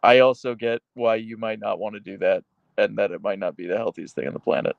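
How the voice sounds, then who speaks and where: A man hosting a live stream, reading chat aloud and answering with dark, deadpan humor and frequent laughs. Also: lowish voice, brisk, gravelly, dry recording, narrow, tinny audio. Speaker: livestream host reading chat.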